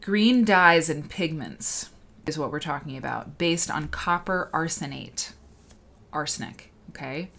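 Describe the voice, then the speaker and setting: A woman's voice: low-pitched, unhurried, vocal fry, a bit bright. A woman hosting a casual livestream, chatting in a rambling, self-interrupting way and greeting viewers by name. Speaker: livestream host.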